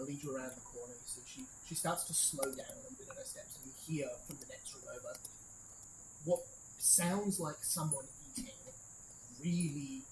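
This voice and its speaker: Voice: mid-range voice, a little hiss or hum. A game master narrating a tabletop game, hesitant and full of fillers. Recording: roomy room, faint crickets.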